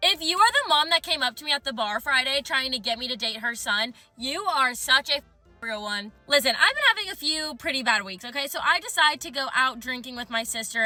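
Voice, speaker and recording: A woman's voice: high voice, bright, forceful tone, no echo. A young woman telling a story casually to camera, chatty with lots of "like" and swears she cuts off.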